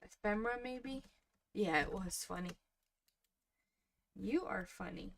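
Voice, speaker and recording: A woman in her thirties hosting a crafting livestream, chatting softly and casually with her viewers while she works. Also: medium pitch, animated, a little slow, gravelly. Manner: soft-spoken, chatty, talks to viewers in the chat.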